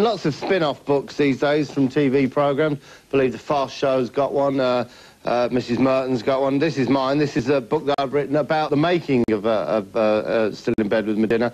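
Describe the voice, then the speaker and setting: A man's voice: mid-range voice, a little mellow. A man presenting a spoof TV show in a rambling, hesitant, self-promoting way. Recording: dull lo-fi TV audio, faint noise.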